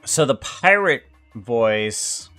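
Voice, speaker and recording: A man streaming live, chatting casually in a rambling, halting way as he works. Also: mid-range voice, animated, bright, forceful tone, soft background music. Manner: rambling, halting, self-correcting.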